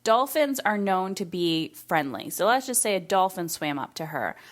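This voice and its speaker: A woman's voice: fairly low pitch, big pitch swings, moderate pace. A woman hosting a solo podcast in a casual, reflective way, acting out the voices of people she quotes. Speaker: podcast host.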